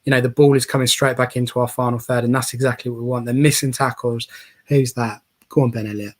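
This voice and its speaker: A man giving casual, excitable live commentary on a football match as a co-host, chatty and quick to cheer and tease. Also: medium pitch. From England.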